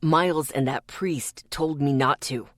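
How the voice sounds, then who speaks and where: Woman voicing a bitter, scarred young man with a gruff growl, pitched low and clipped. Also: unhurried, dry recording, studio quality.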